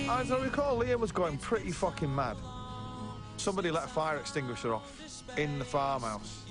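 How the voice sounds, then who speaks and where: A man's voice: a little high, lively intonation, moderate pace. A man telling blunt, sweary band stories in a documentary interview, laughing his way through them. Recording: voice under loud music.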